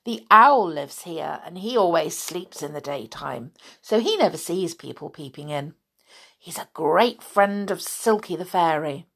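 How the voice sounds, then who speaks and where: Storybook boy, young, bossy and cheerful, lively tone; woman narrator voicing. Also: fairly low pitch, a little slow, vocal fry, slightly rough, heavily acted. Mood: explaining.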